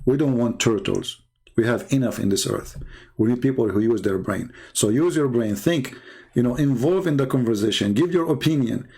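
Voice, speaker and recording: A man hosting a live debate channel, telling a mocking story in a sarcastic, jokey, animated way. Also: mid-range voice, moderate pace, slightly rough.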